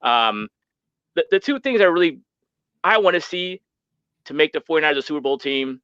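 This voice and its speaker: A man calling in to a sports show, excited and stammering as he talks about his team. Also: fairly high pitch, normal speed, long pauses, smooth, no room sound. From San Francisco Bay Area. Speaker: caller. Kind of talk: casual sports talk. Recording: dull lo-fi call line.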